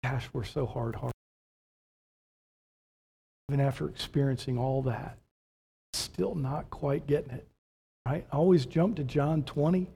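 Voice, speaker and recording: A man's voice: mid-range voice, gravelly, breathy edge. A man preaching a sermon as pastor, asking rhetorical questions and building to emphatic points. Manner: animated preaching with rhetorical questions, slow measured delivery.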